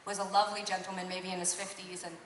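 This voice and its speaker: A woman's voice: mid-range voice, level tone, quick pace, a little hiss or hum. A woman singer chatting on stage between songs, telling a rambling, apologetic, self-deprecating story. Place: concert venue stage. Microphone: stage microphone through PA, filmed from the crowd. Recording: echoey hall taped from far off.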